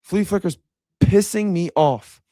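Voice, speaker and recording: A man's voice: sits high, measured pace, mellow, no room sound, studio quality. A young man giving a casual, frustrated reaction rant as a sports commentator, repeating himself as he vents.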